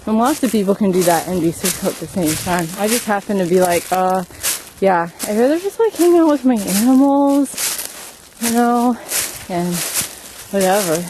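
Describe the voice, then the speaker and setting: Slow-talking woman rambling on a woods walk. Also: mid-range voice, warm tone, slight background noise. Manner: rambling, slow, musing aloud with fillers. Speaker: vlogger. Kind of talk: casual walking vlog. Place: outdoors in rural woods.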